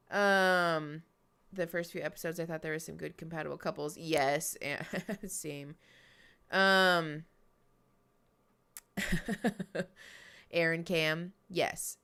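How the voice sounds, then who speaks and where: A woman therapist talks casually through a live reaction stream. She is chatty and self-deprecating and laughs often. Her voice sits a little low but has a bright, forward tone. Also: creaky, clear, resonant tone.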